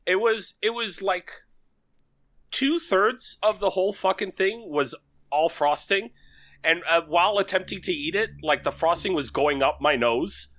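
A man's voice: high-pitched, expressive, a little slow, fairly bright tone. A man co-hosting a casual podcast chat over a call, rambling and swearing with many restarts. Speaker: podcast co-host.

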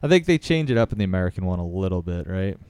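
A man's voice: low-pitched, sing-song, rapid-fire, a little mellow, clean tone, dry recording. A man co-hosting a podcast, chatting loosely with lots of filler words and swearing. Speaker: podcast co-host. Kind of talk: casual chat about movies.

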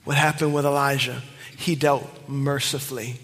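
A man's voice: medium pitch, little pitch movement, moderate pace, a little hiss or hum. Impassioned preacher man, echoing church hall. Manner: swings between loud emphatic cries and hushed whispers. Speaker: pastor. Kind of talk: sermon. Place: church sanctuary. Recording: long church hall reverb.

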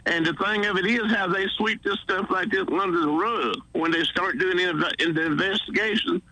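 A man's voice: high voice, normal speed, bright, forceful tone, poor audio. A man with a Southern accent calling in to a radio show by phone while driving, rambling and exasperated. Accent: Southern US, Alabama. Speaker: caller. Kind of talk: call-in phone chat.

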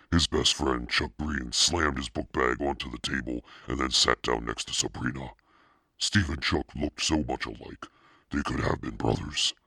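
A man reading a children's story aloud in a steady, expressive narration. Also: rumbling low, gravelly, husky, no echo, clean studio sound. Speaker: audiobook reader.

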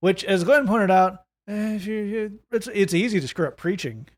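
Brief: wry male podcast host, high voice, easygoing jokes. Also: normal speed. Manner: wry, joking, relaxed delivery. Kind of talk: casual faith podcast chat.

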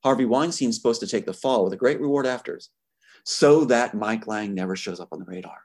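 A man's voice: medium pitch, brisk, a little mellow. A man speaking as an interview guest, angry and emphatic as he makes accusations. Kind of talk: impassioned interview talk.

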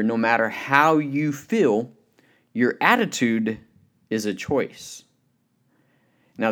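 A man giving a motivational Christian talk, earnest and conversational, with many "you know" fillers and anecdotes. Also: medium pitch. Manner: tells anecdotes with lively acted quotes. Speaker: speaker.

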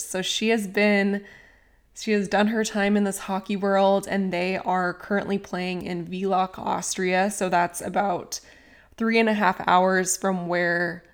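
A woman hosting a podcast, giving a steady, welcoming intro and introducing her guest. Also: medium pitch. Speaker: podcast host.

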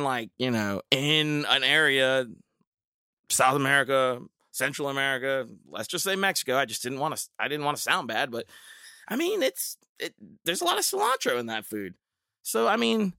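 Lively, rambling male podcast host. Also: fairly high pitch, dry recording, studio quality. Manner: rambling, tangential, jokey, with many fillers and restarts. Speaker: podcast host and middle school teacher. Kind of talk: casual rambling solo podcast monologue.

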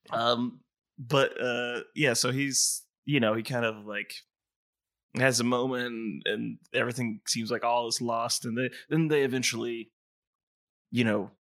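A podcast co-host chats casually, rambling with many fillers and laughing often. His mid-range voice has a fairly bright tone, captured in clean studio sound with no room sound.

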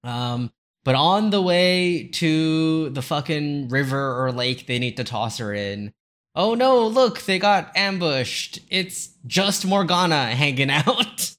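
A man with a fairly high voice chatting as a podcast co-host. He laughs a lot, swears freely and acts out scenes as he retells them. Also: slow. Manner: laughing, profane, animated retellings. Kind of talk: casual recap chat.

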